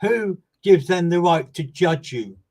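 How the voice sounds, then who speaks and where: A man, a medium giving live readings and speaking to viewers by name. He is earnest and emphatic, repeats words for stress, and swings from loud bursts down to soft low asides. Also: lively intonation, measured pace, poor audio.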